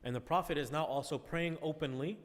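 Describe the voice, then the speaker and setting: A man's voice: on the high side, brisk. Man lecturing a class in a reverberant room. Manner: conversational, checks in with "all right?" often. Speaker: class teacher. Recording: long reverb.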